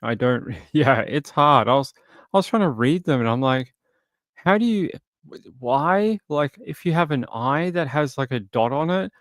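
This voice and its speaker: Male live-stream host, mid-pitched, dry close sound, loose joking banter. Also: normal speed, a bit bright, no room sound. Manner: joking, rambling, chats with viewers. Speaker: true crime livestream host. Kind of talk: casual live-stream chat.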